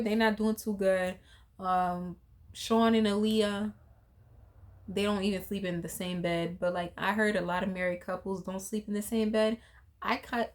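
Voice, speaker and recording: A young woman, chatting casually in commentary, full of asides, fillers and laughs. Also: mid-range voice. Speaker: reality TV commentary vlogger.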